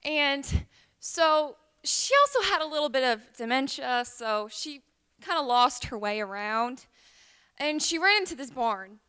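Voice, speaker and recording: A woman's voice: high voice, animated, a little slow, sharp tone. A woman from Tennessee, telling a rambling tall tale at a liar's contest, full of ums. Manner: chatty, rambling, with many ums.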